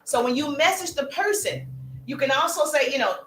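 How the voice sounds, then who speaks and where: A woman business coach talking on a live stream, energetic and calling out her viewers by name. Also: sits high, fairly quick, roomy sound, a little hiss or hum, low-quality recording.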